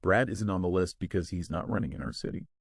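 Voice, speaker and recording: A man voicing a calm, weary male election worker who explains slowly and carefully, in a low, dry voice. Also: vocal fry, breathy edge, no room sound, heavily acted. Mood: patient. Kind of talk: scripted story narration.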